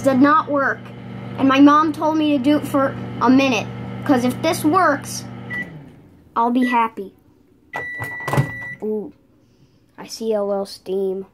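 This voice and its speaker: A woman's voice: sits high, noisy background. A young woman making a casual home vlog, breaking into exasperated outbursts of disbelief. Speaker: vlogger.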